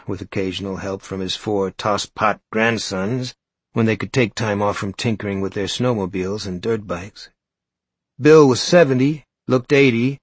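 A man narrates a first-person story in an even, measured manner. His voice is low and husky. The recording is close and dry, with no room sound. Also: dry recording. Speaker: audiobook narrator.

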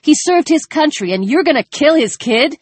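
A man's voice: extremely high pitch, expressive, normal speed, no room sound, pitched above the performer's own voice. A woman voicing a desperate male soldier, pleading urgently with a raised voice.

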